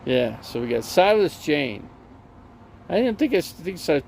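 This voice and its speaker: A man with a very gravelly, rough voice talks in a loose, rambling way, his pitch jumping around a lot as he tells stories. A faint hum of background noise sits under his voice. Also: very animated, measured pace, a little mellow. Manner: rambling storyteller, many fillers and restarts. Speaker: live streamer. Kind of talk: casual rambling chat.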